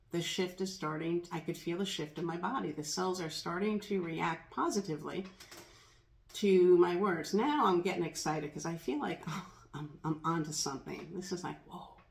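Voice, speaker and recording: A woman's voice: lowish voice, gravelly. A middle-aged woman sharing a personal story in an earnest, reflective monologue, repeating kind words she says to herself. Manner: earnest, reflective, speaks lines to herself aloud. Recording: echoey room.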